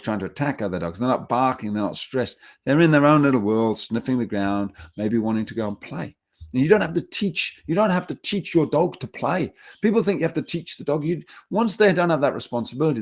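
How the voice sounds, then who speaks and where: Earnest man teaching a dog seminar. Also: medium pitch. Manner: earnest, repetitive, talks with restarts and acted-out quotes. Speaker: dog trainer.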